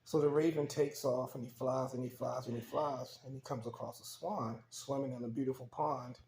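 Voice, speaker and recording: A man casually telling a parable out loud, relaxed and loose with his words. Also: medium pitch, moderate pace. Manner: relaxed, loose with fillers and repeats. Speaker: storyteller. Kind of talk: casual spoken storytelling. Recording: roomy echo, faint background hum.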